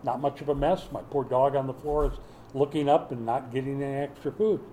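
Mellow-voiced pastor telling homely stories. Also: male voice, medium pitch, fairly even intonation, brisk, a little hiss or hum, poor audio. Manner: folksy storytelling with humor. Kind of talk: sermon.

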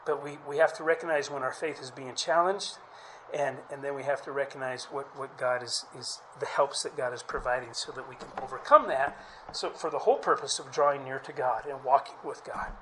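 A man's voice: medium pitch, a little fast, bright, forceful tone, a little hiss or hum, rough recording. A man preaching a sermon in a conversational way, often restarting phrases and asking the listeners questions. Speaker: pastor.

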